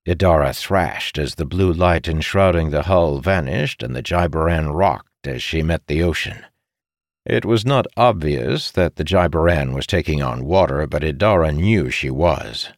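A man narrating a fantasy story as an audiobook reader, in an expressive, dramatic way. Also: sits low, no echo, studio quality.

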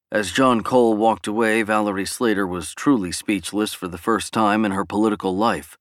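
A man narrating a novel as an audiobook in an even, measured reading. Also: on the low side, no echo, clean studio sound.

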